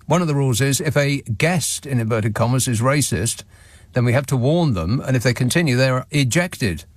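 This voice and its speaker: A radio phone-in host with a mid-range, animated voice reads listener messages at a moderate pace, dry and sardonic, with wry chuckles. He's on a studio microphone in a radio studio, and the recording is dry.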